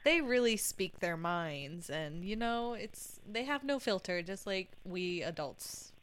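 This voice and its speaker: Female host, casual chat, smooth and clear, relaxed pace, laughs a lot. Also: fairly low pitch, slow pace. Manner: giggly, animated storyteller. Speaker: teacher.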